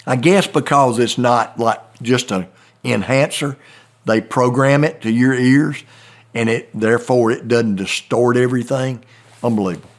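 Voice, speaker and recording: A man's voice: mid-range voice, normal speed. A middle-aged man with a Southern American accent, telling a rambling, folksy story in casual chat. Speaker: turkey hunting guide.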